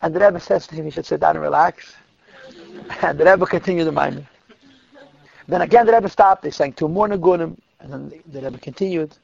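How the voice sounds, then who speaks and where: Gravelly-voiced man telling a story. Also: a little high, fairly quick. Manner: vivid, dramatic, drops to a hush at tense moments. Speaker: storyteller speaking to girls. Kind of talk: animated storytelling talk. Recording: dull lo-fi dry recording.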